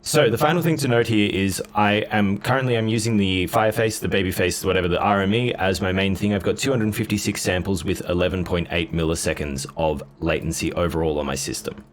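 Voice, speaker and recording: A man's voice: low voice, a little fast, hardly any pauses, slight background noise. A man casually demoing and comparing guitar gear, blunt and offhand in his comments. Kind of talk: casual gear demo talk.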